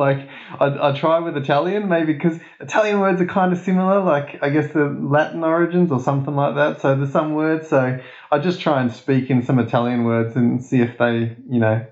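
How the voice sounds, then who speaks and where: A man's voice: fairly high pitch, steady tone, moderate pace. An Australian man from Perth chatting as a guest, rambling and laughing often at himself. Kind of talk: casual chat. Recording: echoey, dull lo-fi sound.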